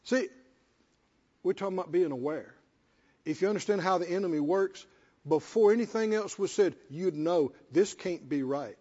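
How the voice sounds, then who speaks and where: A pastor preaches a sermon in church with a high-pitched, warm voice at a moderate pace. He's emphatic, repeating phrases for stress and putting questions to the congregation. The recording is dull and lo-fi with long hall reverb.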